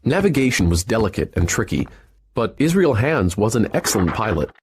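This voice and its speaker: A man narrating an adventure story in a measured, steady storytelling manner. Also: lowish voice, a little hiss or hum. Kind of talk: scripted audiobook narration. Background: soft music.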